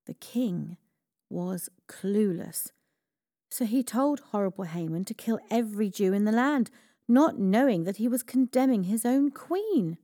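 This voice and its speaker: Slow, warm-voiced woman storyteller. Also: medium pitch, animated, no room sound, clean studio sound. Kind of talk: children's Bible story reading.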